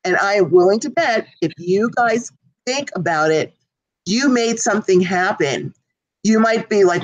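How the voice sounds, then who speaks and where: A woman's voice: mid-range voice, lively intonation, moderate pace, dry recording, lo-fi sound. A woman co-hosting a casual live talk show, speaking earnestly and directly to her audience. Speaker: co-host. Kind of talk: casual chat.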